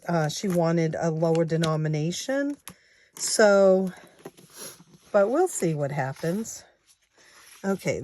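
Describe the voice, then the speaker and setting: A woman in her sixties with a lowish voice chats at an unhurried, slow pace. She talks straight to her viewers as "you guys" and counts money out loud in a casual, homey way. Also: a little hiss or hum. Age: 60s. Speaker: savings challenge vlogger.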